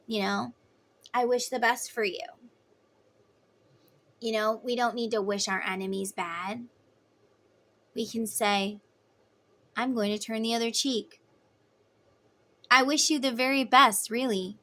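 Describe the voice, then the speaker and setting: A woman gives a casual tarot reading in a voice that sits a little high. She talks in an emphatic, chatty way. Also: fairly even intonation, a little slow, long pauses, sharp tone. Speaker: tarot reader.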